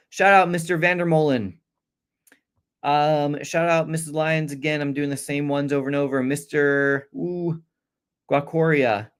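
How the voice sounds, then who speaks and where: A man hosting a casual live-stream exam review, chatting, rattling off viewer shout-outs and stumbling over names with quick apologies. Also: medium pitch, clear, resonant tone.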